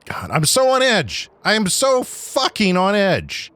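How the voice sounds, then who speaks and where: A man hosting a podcast, delivering an agitated, profane comedic rant that swings between loud outbursts and low muttering. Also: huge pitch swings, a little slow, no room sound, soft background music. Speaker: podcast host. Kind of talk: ranting comedic monologue.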